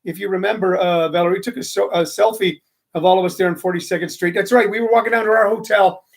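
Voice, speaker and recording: Middle-aged male host, high gravelly voice, loose rambling live-stream chatter. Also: steady tone, quick pace. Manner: rambling, chatty, many fillers. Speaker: comedy radio show host. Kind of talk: casual live-stream chat. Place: room with phone and microphone. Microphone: studio microphone.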